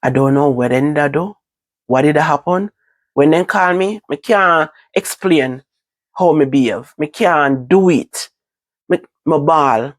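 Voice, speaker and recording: A woman with a Jamaican accent recounting a personal story to her viewers, in a halting, repetitive way. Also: sits low, dry recording. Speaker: vlogger.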